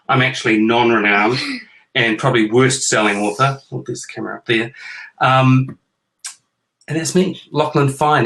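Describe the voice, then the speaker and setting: A man's voice: mid-range voice, a bit bright, poor audio. A middle-aged man with a New Zealand accent hosting a casual chat with his kids, jokey and self-mocking as he rambles. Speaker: host.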